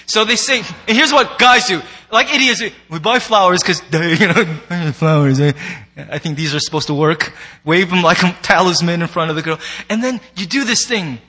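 Speaking from the sanctuary to his congregation, a pastor delivers a playful, conversational sermon that drifts into acted asides. He has a high voice with a sharp tone and keeps a moderate pace.

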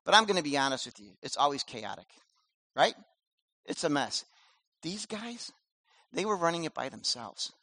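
A man preaching a sermon as pastor, animated and conversational, with casual slang. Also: fairly high pitch, moderate pace, pauses often, dry recording.

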